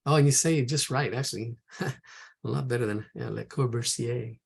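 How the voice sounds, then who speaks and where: Gravelly, husky-voiced man teaching drawing. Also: medium pitch, moderate pace. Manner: thinks aloud, rambling. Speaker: art instructor. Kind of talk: live drawing lesson.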